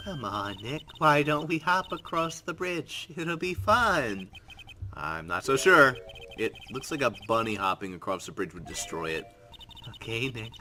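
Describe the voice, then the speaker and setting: A man's voice: medium pitch, sharp tone, a little hiss or hum. A man hosting a let's play, reading game text aloud with wry, sarcastic asides. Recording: game music underneath.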